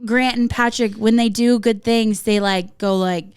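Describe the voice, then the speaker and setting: Animated young woman telling a story. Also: fairly high pitch, a little slow, noisy background. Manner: animated storyteller, swears freely, acts out quotes. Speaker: podcast co-host telling a story. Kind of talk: casual chat.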